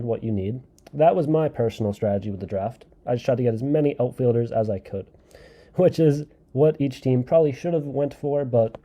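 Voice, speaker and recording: A man's voice: mid-range voice, muffled recording. A man hosting a casual solo podcast, rambling through his opinions and often repeating and correcting himself. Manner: thinks aloud and hedges his takes. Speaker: podcast host reviewing a game league draft.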